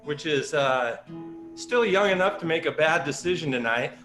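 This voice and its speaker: A man in his forties doing a stand-up set with dry, deadpan jokes. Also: fairly high pitch, normal speed. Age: 40s. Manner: dry, deadpan joke delivery. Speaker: comedian and musician. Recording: roomy sound with guitar playing.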